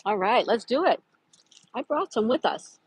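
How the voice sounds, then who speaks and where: Speaking at normal speed with big pitch swings, a Florida woman runs a casual park livestream where she names viewers in greetings and reads trivia questions. Her voice is a little high and husky, and there is no room sound.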